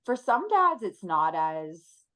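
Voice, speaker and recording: A woman in her thirties speaks as a podcast guest, and her voice sits a little low. She talks in an earnest, reflective way, with the odd soft laugh. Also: big pitch swings, takes it slowly, rough recording. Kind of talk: conversational interview.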